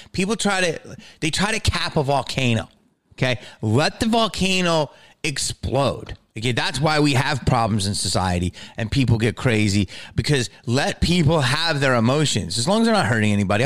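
A man's voice: mid-range voice, big pitch swings, moderate pace, fairly bright tone. A comedian talking casually about his own stage outburst, heated, rambling and profane. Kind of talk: reflective casual talk.

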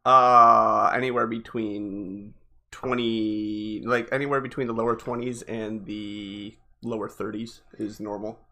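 A man's voice: fairly low pitch, flat delivery, unhurried, gravelly, bright, forceful tone. A man with a Northeastern US accent chatting casually as a podcast co-host, rambling with many restarts and fillers. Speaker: podcast co-host, delivery driver. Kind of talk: casual chat.

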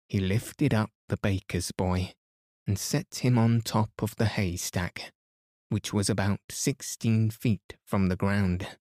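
A man reading a classic children's story aloud as a calm, soothing bedtime narration. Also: fairly low pitch, slow, dry recording, clean studio sound. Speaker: podcast host and reader.

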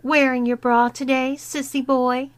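Woman reading as a cruel schoolgirl bully, taunting, slow and a bit high, storybook reading. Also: level tone. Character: mocking teenage girl bully, cruel.

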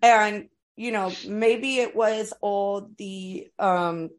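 A middle-aged American woman talks very slowly in a mid-range voice on a casual podcast. She tells animated stories packed with swearing and filler words.

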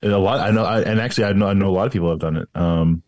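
A man and military veteran, telling stories in a casual chat, full of pauses and restarts. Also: low voice, darkish tone, no room sound, highs cut off. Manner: hesitant, lots of ums and restarts. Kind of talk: casual podcast storytelling.

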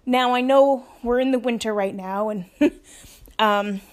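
A woman with a slightly high voice talks a little slowly to camera, offering spiritual practice tips as a solo vlogger. Her reflective, casual delivery is hesitant and filled with fillers, and the recording is dry.

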